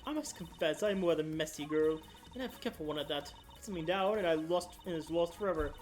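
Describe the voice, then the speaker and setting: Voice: medium pitch, fast, a little mellow, close to an everyday voice. A streamer voicing a flirty, condescending female prison warden from a video game, talking down to everyone with darlings and sweeties, with faint music underneath. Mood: sugary, dismissive. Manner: sugary, patronizing, calls others darling and sweetie. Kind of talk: reading a video game's dialogue aloud on stream.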